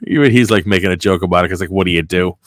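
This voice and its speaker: Low-voiced man telling a rambling story. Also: very fast, dry recording. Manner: animated storytelling with heavy filler and swearing. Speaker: podcast host. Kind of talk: casual chat, telling a story.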